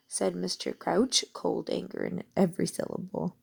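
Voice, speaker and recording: A woman reading a novel aloud with steady storytelling. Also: lowish voice, normal speed, creaky, breathy edge. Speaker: audiobook reader.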